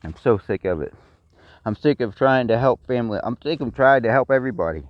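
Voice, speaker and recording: A man's voice: medium pitch, animated, a little fast, no echo. A middle-aged man with a Texan accent, delivering a blunt, profane personal rant full of repeated complaints. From Texas. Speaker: vlogger. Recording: dry, dull lo-fi sound.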